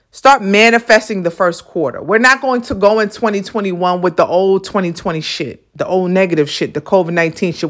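A woman's voice: mid-range voice, a bit bright. A woman hosting a podcast, giving a motivational monologue in an emphatic, repetitive, profane, preacherly way. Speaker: podcast host.

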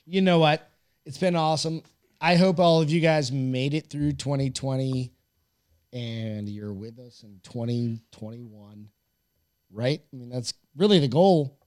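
A man co-hosting a casual podcast, loud and rambling, swearing freely. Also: mid-range voice, a little slow. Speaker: podcast co-host. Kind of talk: casual chat.

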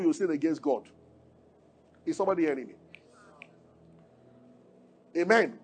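A man preaching a sermon as pastor, asking the congregation questions, swinging from emphatic peaks to low, quiet lines.

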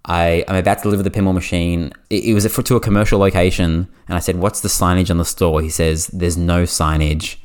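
An Australian man hosting a podcast, telling a story in casual chat, animated and full of "like" fillers. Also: deep voice, clean tone. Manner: animated, fast anecdote with lots of "like" fillers. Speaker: podcast host.

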